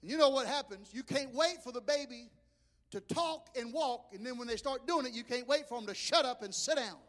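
High-voiced Southern preacher in a reverberant church. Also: male voice, brisk. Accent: Southern US, Alabama. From Mobile, Alabama. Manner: animated storytelling preacher, stammering restarts, acts out voices. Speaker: pastor. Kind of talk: sermon. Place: church sanctuary. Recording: long reverb of a church hall.

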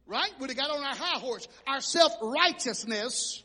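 A man pastor preaching a sermon, telling stories and moving between quiet asides and loud shouted points. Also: extremely high pitch, unhurried, few pauses, big-room sound. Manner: animated storytelling preacher who swings between soft asides and shouting.

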